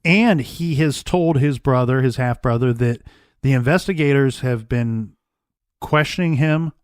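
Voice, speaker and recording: A man hosts a true crime podcast and lays out the case in a measured, storytelling way. His voice sits at an ordinary middle pitch. The sound is dry and close, with no room echo. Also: smooth. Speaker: podcast co-host.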